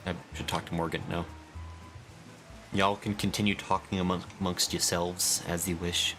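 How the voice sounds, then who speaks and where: A man's voice: low voice, flat delivery, moderate pace, fairly bright tone, faint music behind. A man streaming a video game, chatting casually and reading viewers' messages aloud. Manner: chatty, reads chat aloud.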